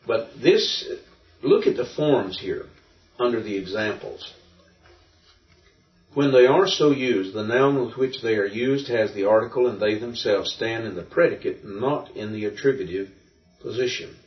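Low-voiced man lecturing in a roomy hall. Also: unhurried. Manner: relaxed, explaining step by step with fillers. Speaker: Greek teacher. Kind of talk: classroom lecture. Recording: distant, roomy, dull lo-fi recording.

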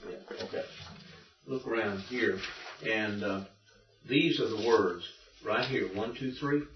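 A male teacher with a lowish voice speaks slowly while patiently teaching Greek accent rules step by step to a class. Recorded from afar in a dull, echoey classroom, the audio carries a little hiss or hum.

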